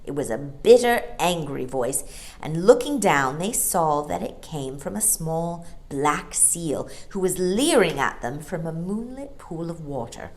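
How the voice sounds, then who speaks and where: A woman reading a children's storybook aloud as a storyteller, expressive and lilting. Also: deep voice, unhurried.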